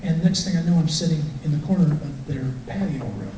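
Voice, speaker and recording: A middle-aged man tells his personal testimony in an easy, conversational storytelling way. His voice sits a little high for a man. He sounds distant, with a strong echo filling the church hall and a faint hiss underneath. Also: fairly quick, dark tone. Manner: conversational storytelling, acting out quotes. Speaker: guest speaker. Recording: echoey hall from far off, faint noise.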